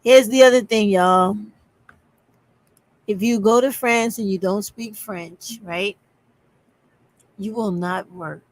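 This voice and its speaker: A woman's voice: medium pitch, slow pace, pauses often. Lady ranting on her channel, hammering the same point over and over. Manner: emphatic, repeats points. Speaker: commentator. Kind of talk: reaction commentary.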